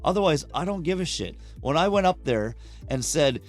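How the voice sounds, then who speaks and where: A man's voice: fairly high pitch, normal speed, faint music behind. Candid, profane man telling stories. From Canada. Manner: candid, profane, animated storyteller who acts out quotes. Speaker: podcast guest, musician. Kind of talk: casual conversational storytelling.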